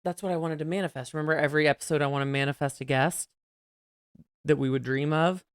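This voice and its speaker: A man's voice: a little high, fairly even intonation, fast, clean tone, no room sound, studio quality. An American man from West Virginia hosting a podcast in casual chat, gushing and theatrical. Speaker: podcast host.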